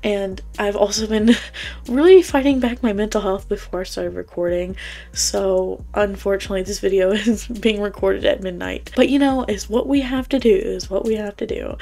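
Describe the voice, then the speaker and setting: A young woman with a Southern US accent, rambling through a casual video game item review at home, chatty and quick to laugh. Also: medium pitch, warm tone. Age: young adult. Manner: rambling, chatty, laughs often, slang-heavy. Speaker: YouTuber reviewing game items. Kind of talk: casual commentary. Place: home at night.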